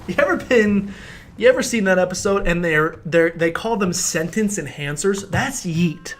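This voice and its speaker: A man's voice: high-pitched, normal speed. A young man streaming a game, rambling jokily with mock-serious explanations, faint game music behind. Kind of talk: casual gameplay commentary.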